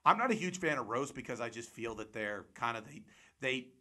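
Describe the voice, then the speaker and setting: Bright-voiced man telling a rambling story. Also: mid-range voice, brisk. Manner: rambling, animated, acts out quotes. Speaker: podcast host. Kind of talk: casual storytelling chat.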